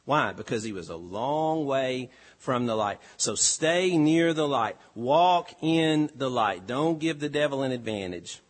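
A pastor delivering a sermon, with an earnest, emphatic delivery that rises and falls. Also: male voice, medium pitch, lively intonation, measured pace, few pauses. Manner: earnest, emphatic preaching with rising and falling delivery.

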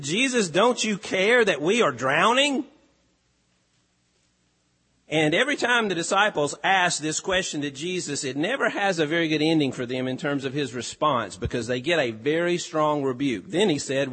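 Preacher, male, measured emphatic delivery, slightly high voice, long hall reverb. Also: a bit bright. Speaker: pastor. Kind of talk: sermon.

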